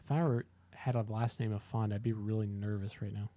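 A man co-hosting a podcast, chatting casually in a halting way, often repeating and restarting words. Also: fairly low pitch, little pitch movement, mellow. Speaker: podcast co-host. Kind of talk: casual chat.

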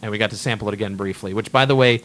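A man's voice: lowish voice, racing, fairly bright tone, slight background noise. Blunt ranting man. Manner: ranting, blunt, swears freely. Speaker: podcast host. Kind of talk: casual movie chat.

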